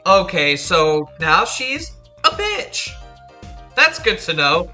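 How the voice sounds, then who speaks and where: Chatty man with a bright voice. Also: sits high, sing-song, slow, soft background music. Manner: chatty, self-deprecating asides. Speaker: let's-play host. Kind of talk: casual game commentary.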